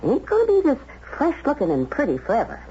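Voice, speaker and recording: A woman's voice: sits high, huge pitch swings, quick pace, mellow. A woman playing a brassy, streetwise older hotel maid in a 1970s radio drama, slangy and nosy. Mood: advising. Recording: dull old radio broadcast with faint hiss.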